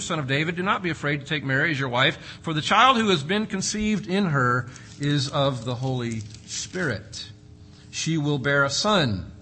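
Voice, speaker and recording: A man preaching a sermon, slowing and swelling for emphasis and telling folksy family stories. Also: a little high, sharp tone, slight background noise. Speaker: pastor.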